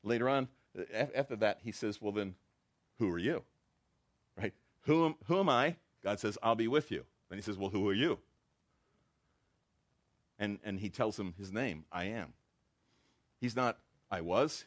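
A man preaching a sermon to his congregation, his voice pitched fairly low. He talks in an animated way and acts out the dialogue he quotes. It sounds like a pastor speaking in church. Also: unhurried, long pauses.

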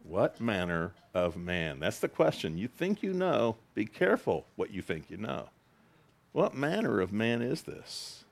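Man preaching with animated conversational delivery. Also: measured pace, creaky. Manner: expressive preaching, voice rising high for quoted lines and dropping low for emphasis; conversational, with asides and laughs. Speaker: pastor. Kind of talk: sermon.

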